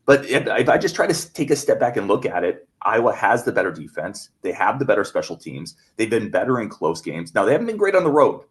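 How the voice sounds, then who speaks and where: A man hosting a sports podcast, weighing up arguments in a measured, analytical way. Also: lowish voice, expressive. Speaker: podcast host.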